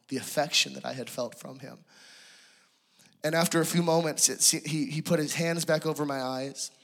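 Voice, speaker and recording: Male preacher, bright and fairly high, sermon testimony, hushed to impassioned. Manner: hushed and tender, rising to impassioned pleading.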